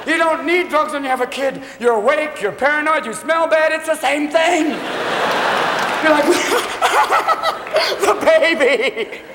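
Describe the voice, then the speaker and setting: A man performing a manic stand-up comedy routine, jumping between shouts and put-on voices, recorded live in a large theater. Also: very high voice, moderate pace. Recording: live show in a big hall with a crowd. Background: audience laughter and crowd noise.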